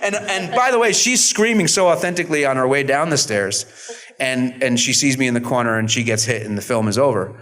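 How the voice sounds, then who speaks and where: A man in his fifties, an actor on a convention panel, telling stories in an animated, self-deprecating way. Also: medium pitch, fairly quick. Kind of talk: storytelling panel talk.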